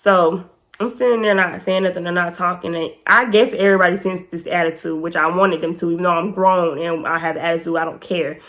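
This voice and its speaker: Animated young woman telling a storytime. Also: fairly quick. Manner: animated, acts out quotes in raised pitch. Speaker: vlogger. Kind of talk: casual storytime.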